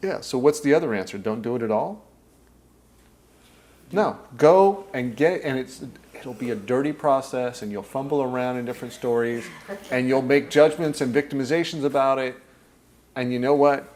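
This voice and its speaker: A man's voice: mid-range voice, normal speed, a little mellow. A man teaching a workshop group in a conversational way. He often checks in with "okay?" and acts out inner voices while he explains.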